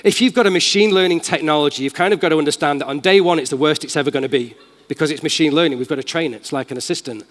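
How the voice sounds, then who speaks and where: A man with a Manchester accent gives an enthusiastic, casual live tech demo as a keynote speaker in a large conference hall. His voice is a little high and fairly bright, and he talks rapid-fire. Long hall reverb colors the recording.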